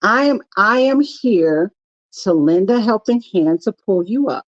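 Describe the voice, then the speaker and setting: A woman's voice: medium pitch, animated, unhurried, no echo, highs cut off. A middle-aged woman co-hosting a live chat show, talking in a direct, matter-of-fact way. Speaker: co-host.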